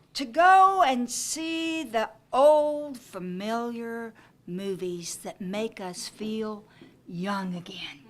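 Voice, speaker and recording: High-voiced older woman giving a gracious welcome. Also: fairly bright tone. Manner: gracious, anecdotal, with light humor. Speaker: host. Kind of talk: welcome speech to guests. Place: private home during an evening reception.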